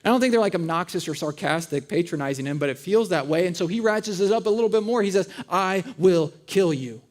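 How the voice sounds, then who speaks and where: A man's voice: sits high, fast, darkish tone. A man in his thirties preaching a conversational sermon, telling funny family stories and acting out voices. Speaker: pastor. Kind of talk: sermon with storytelling. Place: church auditorium.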